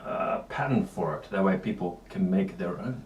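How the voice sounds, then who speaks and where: A man's voice: sits low, moderate pace, dull audio, a crowd in the background. A man joining a livestream from across the room, tossing in offhand, joking suggestions. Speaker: guest in the room. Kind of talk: casual chat. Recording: voice distant from the mic.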